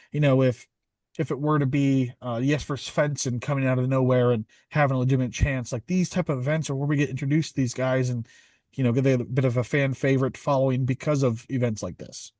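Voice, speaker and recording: A man's voice: mid-range voice, darkish tone, dry recording. Guy cohosting a golf podcast, rambly and upbeat, dry close mic. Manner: rambling, upbeat, many fillers. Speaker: podcast co-host. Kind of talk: casual podcast chat.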